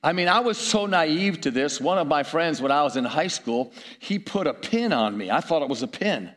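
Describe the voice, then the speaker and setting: Middle-aged man, preacher; story-driven sermon, chuckling asides, somewhat high-pitched. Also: animated, normal speed, fairly bright tone.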